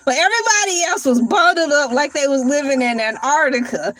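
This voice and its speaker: Woman commentator, high voice, sassy and teasing, light music underneath. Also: normal speed. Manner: sassy, animated, teasing with exaggerated questions. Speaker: podcast reaction commentator. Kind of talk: casual reaction commentary.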